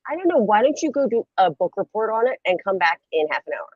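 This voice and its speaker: Husky, giggly woman streamer. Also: mid-range voice, very animated, quick pace, no room sound, lo-fi sound. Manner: giggly, playful and rambling. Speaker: livestream host. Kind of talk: casual late-night stream chat.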